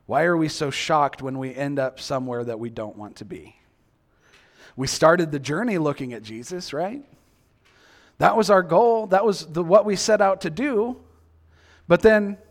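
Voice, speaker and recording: A man's voice: sits high, animated, measured pace. A male preacher giving a sermon, acting out quoted reactions and asking the listeners many questions.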